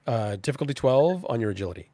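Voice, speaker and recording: A man's voice: medium pitch, lively intonation, fast talker, mellow, a little hiss or hum. A man narrating as game master of a tabletop role-playing game, casual and chatty, often restarting his sentences.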